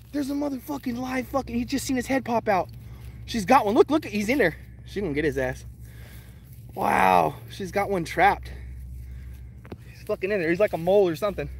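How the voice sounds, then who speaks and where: A man livestreaming outdoors while walking his dogs, casually chatting with viewers and swearing freely in an excitable way. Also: sits high, a little fast. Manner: profane, excitable, greets chat viewers. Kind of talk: casual live stream chat.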